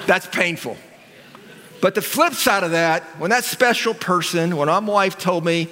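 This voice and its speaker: A middle-aged man preaches into a stage mic, animated and emphatic, and often repeats himself for effect. His voice sits a bit high for a man. A long reverb rings around him in a large church hall. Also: unhurried, a little hiss or hum. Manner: animated, emphatic storytelling with repetition. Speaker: pastor. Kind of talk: sermon.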